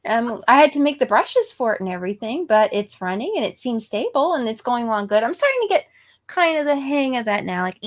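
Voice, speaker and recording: A woman guest artist in a casual chat, chatty and giggly, telling her story in an animated way. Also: fairly high pitch, brisk.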